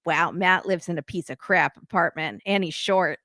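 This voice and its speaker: A woman's voice: lowish voice, moderate pace, pushed and bright, dry recording, studio quality. Wry woman recapping a show. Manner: retells scenes acting out quotes, wry. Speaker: podcast host. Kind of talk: casual recap chat.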